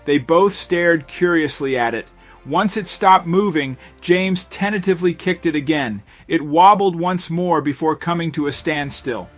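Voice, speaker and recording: A man's voice: a little high, unhurried, faint music behind. A man reading a scripted mystery story as narrator, with a dramatic storytelling delivery.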